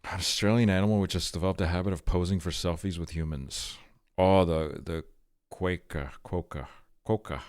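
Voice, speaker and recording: A man with a very low voice reads short items aloud on a live stream. He breaks in with blunt, profane, offhand reactions. The sound is close and dry. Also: steady tone, brisk, darkish tone, dry recording.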